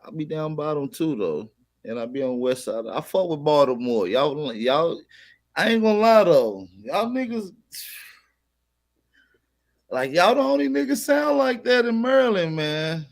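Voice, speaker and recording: A man's voice: on the high side, expressive, measured pace, creaky. A man hosting a casual livestream, talking in slang, greeting chat viewers and plugging merch over and over. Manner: plugs merch with repeated calls to shop. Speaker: livestream host.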